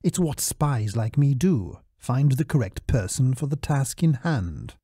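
A man voicing an urbane, measured spy. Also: medium pitch, very animated, mellow, slightly rough, dry recording, clean studio sound. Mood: cool, measured.

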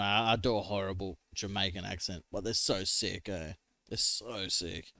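A man's voice: sits low, fairly even intonation, normal speed, bright, forceful tone, no room sound. A man with an Australian accent, chatting casually and laughing easily as he reacts to a film he is watching.

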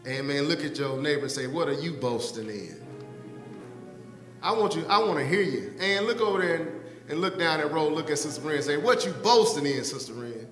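A man's voice: on the high side, animated, a little fast, fairly bright tone, faint music behind. A male pastor, praying and then preaching a sermon, teasing church members by name and stretching out scripture lines for emphasis. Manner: playful, teasing the congregation by name. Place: church sanctuary. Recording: echoey church hall with long reverb.

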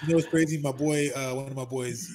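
A man's voice: medium pitch, fast talker, slight background noise. A man talking as an interview guest, telling stories emphatically and repeating himself for effect. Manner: emphatic, animated storytelling with repeated phrases. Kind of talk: casual interview talk.

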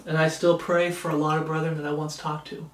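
Earnest high-voiced man preaching, echoey. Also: level tone, recorded from a distance, a little hiss or hum. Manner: earnest, repetitive, halting with restarts. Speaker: ministry preacher. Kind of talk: informal devotional talk.

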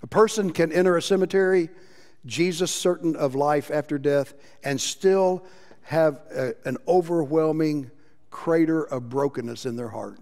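Man, pastor, passionate sermon, fairly high voice, long church reverb. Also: moderate pace. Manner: impassioned preaching, shifts between loud emphasis and quiet. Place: church sanctuary.

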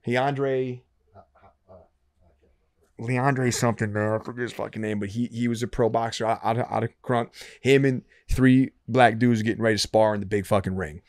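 Guy in his 30s telling a rowdy story, cussing a lot, mid pitch, dry close sound. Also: normal speed, no echo. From Dearborn, Michigan, US. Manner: profane, animated, repeats himself when excited. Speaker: podcast guest. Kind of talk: casual storytelling.

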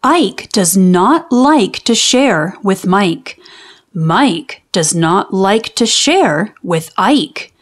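A woman reading a children's book aloud and explaining phonics in a clear, teacherly way. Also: medium pitch, lively intonation, extremely slow. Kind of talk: read-aloud storytime with phonics lessons.

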